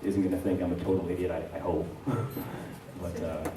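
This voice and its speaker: A man's voice: low-pitched, level tone, brisk, noisy background. A Canadian man, a voice actor, talking casually and self-deprecatingly at a convention panel. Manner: chatty, self-deprecating, rambling with many asides. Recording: echoey hall, from far off.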